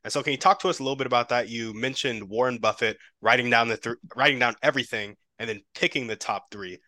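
Bright, dry-sounding male podcast host. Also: medium pitch, fast talker, dry recording. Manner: agreeable, affirming, asks long questions. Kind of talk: interview questions.

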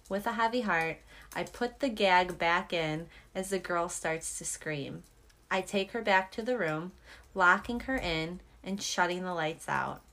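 A woman's voice: lowish voice, fairly bright tone. Woman, podcast co-host, horror story reading, enthusiastic.

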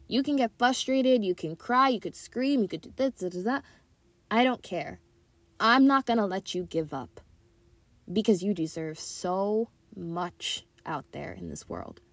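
A woman's voice: fairly low pitch, vocal fry, no room sound. Upbeat young woman podcast host. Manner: upbeat, encouraging, giddy. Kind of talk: casual motivational chat. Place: walk-in closet. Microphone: tablet mic.

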